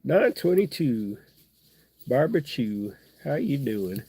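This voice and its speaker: A middle-aged man with a stuffed-up nose talks in a loose, folksy ramble as he hosts a live fly-tying session. His voice is mellow and husky, and the sound is dry and close. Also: medium pitch, big pitch swings, takes it slowly, dry recording. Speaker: fly-tying livestream host.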